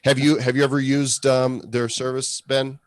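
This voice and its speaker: A man's voice: mid-range voice, level tone, moderate pace, no echo, clean studio sound. A man hosting a podcast, chatting casually and reading a sponsor plug with fillers. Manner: conversational, plugging a sponsor with fillers. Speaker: podcast host. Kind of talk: casual show talk.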